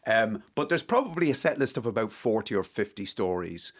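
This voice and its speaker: Guy, lowish voice, gets excited telling stories about his mate. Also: a little fast. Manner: animated, enthusiastic storyteller. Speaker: guest, co-author. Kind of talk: casual anecdote telling.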